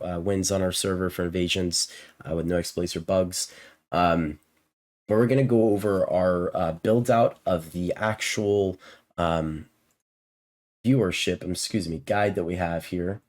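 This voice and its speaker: A man's voice: deep voice, fairly even intonation, normal speed, a little mellow. A man explaining game strategy in a casual, rambling way, with many fillers and self-corrections. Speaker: game guide creator and shot caller. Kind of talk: casual gameplay strategy walkthrough.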